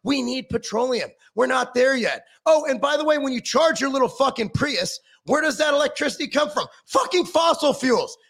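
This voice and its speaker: A man's voice: very high voice, animated, moderate pace, hardly any pauses, a bit bright, husky. A middle-aged man giving a heated, sarcastic political rant full of swearing.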